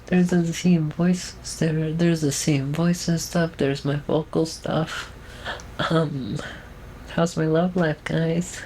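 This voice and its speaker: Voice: medium pitch, darkish tone, slight background noise, rough recording. A young adult vlogger speaking in a trained feminine voice, giving a casual, rambling update at home with lots of fillers and restarts. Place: at home, alone with camera.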